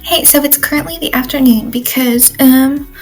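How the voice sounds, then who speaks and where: A woman's voice: high-pitched, normal speed, faint music behind, rough recording. A teenage girl on a study exchange rambling through her day in a casual video diary, full of fillers and asides. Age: teens. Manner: chatty, rambling, lots of "like" and "um". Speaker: exchange student vlogger.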